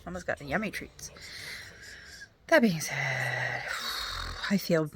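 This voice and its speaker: A woman's voice: low voice, lively intonation, takes it slowly, noisy background. A woman chatting eagerly at home in a casual reading diary, full of rambling asides. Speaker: book vlogger.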